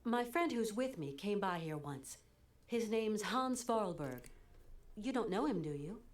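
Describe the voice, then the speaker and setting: A woman's voice: medium pitch, animated, unhurried, lightly acted. An actress with an American accent playing a composed, curious woman traveler in a video game, asking polite questions.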